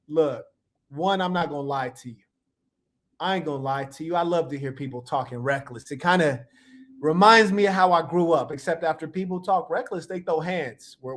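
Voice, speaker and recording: Playful man commenting on clips. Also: fairly high pitch. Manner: playful, animated storytelling with slang. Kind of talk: casual reaction commentary.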